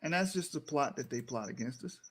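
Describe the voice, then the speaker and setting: A man's voice: expressive, brisk, a bit bright. A man presenting slides as co-host, lecturing in an emphatic way and repeating key words. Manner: emphatic, repeats key words, rises in pitch when driving a point home.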